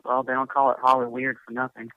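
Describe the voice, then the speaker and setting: A man's voice: medium pitch, monotone, fast talker, no room sound, narrow, tinny audio. A man co-hosting a casual radio talk show, blunt and outspoken, swearing and repeating himself. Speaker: co-host.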